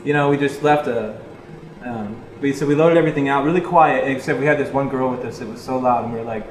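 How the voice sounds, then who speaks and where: A man telling a rambling tour story in casual chat, animated, swearing freely and laughing as he talks. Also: medium pitch, fast talker. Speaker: interview guest, touring musician. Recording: echoey room.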